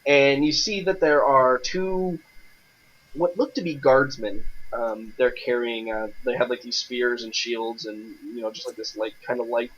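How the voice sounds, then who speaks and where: Man, game master, husky voice, hesitant narration, muffled lo-fi sound. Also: medium pitch, steady tone, a bit bright. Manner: halting, many fillers.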